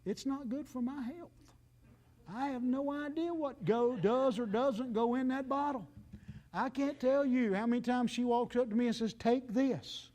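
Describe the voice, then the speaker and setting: Man, 50s, pastor, folksy joking sermon, high-pitched voice. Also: measured pace, a little mellow. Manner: folksy, joking, conversational with the congregation.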